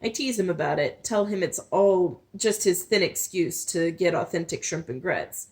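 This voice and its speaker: A woman's voice: lowish voice, normal speed, a little mellow. A woman reading a novel aloud in first person, with small slips and restarts. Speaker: storyteller.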